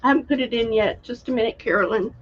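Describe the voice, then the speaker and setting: A woman hosting a live online craft sale, chatty and unhurried, showing handmade items and reading out winning bidders. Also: fairly high pitch, dull audio. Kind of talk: live online sales stream.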